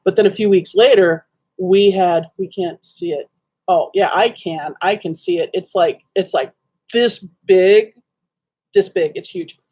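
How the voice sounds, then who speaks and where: A woman's voice: fairly low pitch, a little slow, mellow, breathy edge. A woman chatting casually to her viewers in front of a webcam at home, telling a rambling story padded with lots of ums and likes. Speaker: livestream host. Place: dim room at home.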